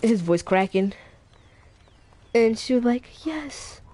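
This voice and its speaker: A woman's voice: fairly high pitch, a little slow, mellow. A woman casually telling a made-up fan story, rambling and slangy. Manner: rambling, slangy, laughs, restarts. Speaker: YouTuber.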